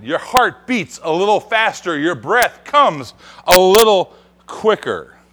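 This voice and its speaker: Animated, bright-voiced male preacher. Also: sits high. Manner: animated preaching, rising to emphatic declarations. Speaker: pastor. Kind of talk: sermon.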